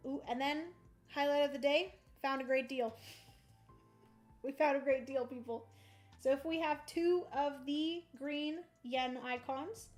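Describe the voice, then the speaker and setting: Bubbly high-voiced woman streaming board games. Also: a little mellow. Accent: playful put-on country twang. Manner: bubbly and playful, narrating moves aloud. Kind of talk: chatty solo board game livestream.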